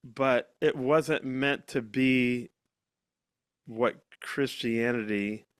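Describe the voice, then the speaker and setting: A man's voice: mid-range voice, steady tone, drawn-out words, clean tone, no room sound, clean studio sound. A man hosting a podcast conversation, blunt and emphatic, swearing freely and acting out quoted voices. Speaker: podcast host. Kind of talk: casual conversation.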